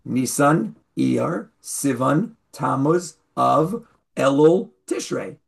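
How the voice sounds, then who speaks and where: A man teaching an online Torah class over a video call, explaining slowly and stressing key words. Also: mid-range voice, expressive, gravelly.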